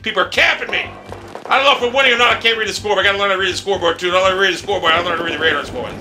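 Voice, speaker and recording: A man giving profane, excitable commentary while playing a shooter game, often yelling in frustration. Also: sits high, rapid-fire. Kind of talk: live gameplay commentary. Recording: game music and gunfire behind.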